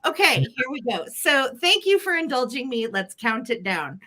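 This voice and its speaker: A woman's voice: high-pitched, big pitch swings, moderate pace, sharp tone. A woman hosting a casual vintage live sale, giggling as she reads a children's book aloud. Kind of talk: casual live-stream selling chat.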